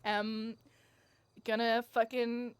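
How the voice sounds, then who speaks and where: A woman improvising an over-the-top patriotic American woman during a game role-play, drawing out her words slowly and loudly. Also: on the high side, little pitch movement, clean tone, dry recording. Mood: boastful. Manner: slow, drawn-out, loud declarations.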